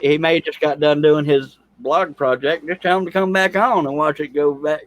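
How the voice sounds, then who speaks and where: A man's voice: fairly high pitch, fairly even intonation, brisk, no room sound, muffled recording. A man hosting a casual livestream panel chat, reading viewer comments and joking about himself with frequent laughter. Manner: joking, laughs often, self-deprecating.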